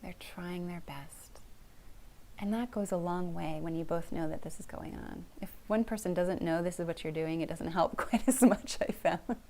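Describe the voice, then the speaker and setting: Gentle gravelly-voiced woman therapist. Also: on the low side, normal speed. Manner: calm, gentle, encouraging, often softly whispering. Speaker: family therapist. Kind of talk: teaching couples communication.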